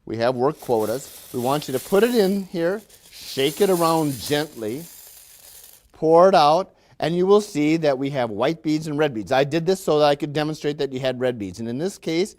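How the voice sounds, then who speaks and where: A man's voice: a little high, lively intonation, normal speed, darkish tone, lightly acted. A lecturer playing a pompous, condescending factory manager in a classroom role-play, falsely cheerful as he talks down to his workers. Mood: patronizing cheer.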